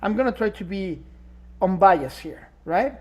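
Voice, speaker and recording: A man's voice: sits high, expressive, unhurried, dull audio. Emphatic man hosting a podcast chat. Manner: emphatic, rhetorical, searches for words. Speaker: podcast co-host. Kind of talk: casual chat.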